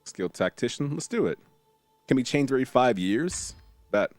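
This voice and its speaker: Speaking at a normal speed in a medium pitch, this man sounds dry with no room sound, though soft music plays underneath. He casually streams a strategy game, reads tutorial text aloud, and jokes with viewers amid excited outbursts.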